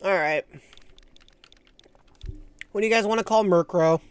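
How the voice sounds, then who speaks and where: A woman's voice: mid-range voice, unhurried, smooth, no room sound. A woman streaming a video game, chatting casually with a self-mocking, laugh-prone manner. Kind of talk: casual live gameplay commentary.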